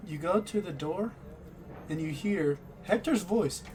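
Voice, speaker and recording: Guy with a highish voice running a dnd session, laid back, little bit of background hiss. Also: a little slow. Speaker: game master. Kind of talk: narrating a tabletop game.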